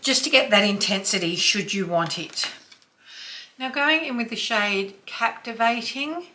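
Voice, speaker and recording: Slow-talking chatty woman in her fifties. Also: on the high side, lively intonation, pushed and bright, a little hiss or hum. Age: 50s. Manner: chatty, drops to near-whisper while applying. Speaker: beauty vlogger. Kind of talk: casual makeup tutorial. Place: home, dog snoring nearby.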